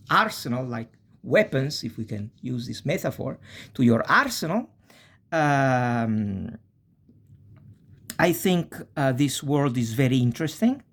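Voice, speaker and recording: A man with a breathy, husky voice teaches a language lesson on video. He pauses over each example word and pronounces it carefully. He keeps checking in with quick questioning tags. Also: mid-range voice, fairly bright tone. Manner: checks in with the listener with short "eh?" and "okay?" tags; says Italian example words slowly and deliberately.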